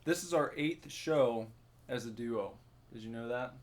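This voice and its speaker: A man's voice: medium pitch, a little slow. Laid-back male podcast co-host. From Ohio. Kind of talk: casual chat.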